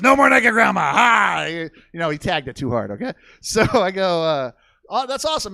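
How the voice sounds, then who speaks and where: A high, slightly bright male voice, recorded dry, carries a crude family tale through a stand-up routine. The young comic swears freely and does voiced impressions of the people in the story, performing on a comedy theater stage.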